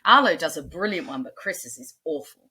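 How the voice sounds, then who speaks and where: Australian lady in her 40s, low husky voice, rambling chatty stories. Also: very animated, a little fast, sharp tone. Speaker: guest, blues singer. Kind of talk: casual interview chat.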